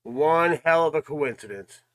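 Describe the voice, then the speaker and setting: A man's voice: a little high, animated, a little slow. A man hosting a reaction video, talking emphatically and asking his audience questions. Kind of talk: casual commentary.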